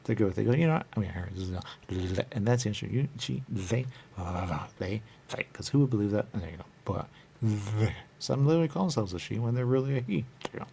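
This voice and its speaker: A man's voice: lowish voice, expressive, fast talker, vocal fry, warm tone, a little hiss or hum. A man talking on in a rambling, repetitive monologue as a radio show host, looping back to the same catchphrases.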